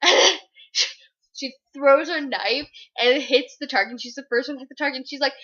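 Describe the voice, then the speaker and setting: A woman's voice: high-pitched, brisk, bright, forceful tone, poor audio. A young woman giving a casual book review vlog, gushing, giggly and rambling.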